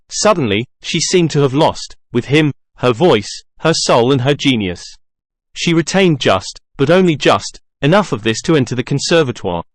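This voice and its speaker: Male audiobook reader, measured narration, mid pitch, dry close sound. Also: no room sound. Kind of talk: scripted narration.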